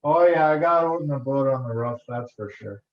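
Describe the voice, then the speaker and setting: A man's voice: mid-range voice, a little fast, a crowd in the background, close to an everyday voice. A man doing a rambling, easygoing fellow. He wanders through his sentences and chuckles along. The sound is roomy and a little dull. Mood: folksy. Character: man putting on a folksy Canadian guy.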